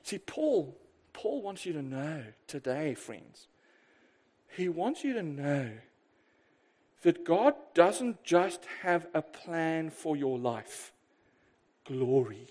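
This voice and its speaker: Here a man preaches a spirited, emphatic sermon, asking rhetorical questions as he swings from loud to quiet. His voice is fairly high and his delivery slow.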